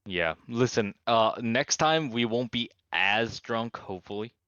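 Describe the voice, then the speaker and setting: A man's voice: medium pitch, measured pace, bright, forceful tone, no room sound, muffled recording. A man chatting loosely on a stream, joking and full of fillers. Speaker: co-player on a stream. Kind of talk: casual stream chat.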